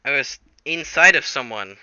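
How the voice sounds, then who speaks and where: A man voicing a flustered male soldier hero who protests, raising his pitch. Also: lively intonation, moderate pace, bright, forceful tone, clear, resonant tone, no room sound, dull audio.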